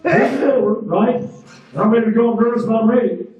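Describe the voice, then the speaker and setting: A man's voice: very high voice, quick pace, darkish tone, highs cut off. A man giving a motivational graduation ceremony speech, telling stories emphatically and repeating key phrases. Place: large ceremony hall. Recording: echoey hall, voice from far off.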